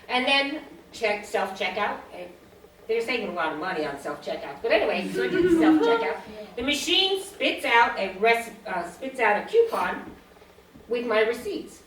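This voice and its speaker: A woman's voice: a little high, sing-song, moderate pace, crowd noise. A woman in her sixties performing a stand-up comedy set, telling stories, acting out the dialogue and laughing at her own jokes. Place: small comedy stage. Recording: roomy sound from a distance.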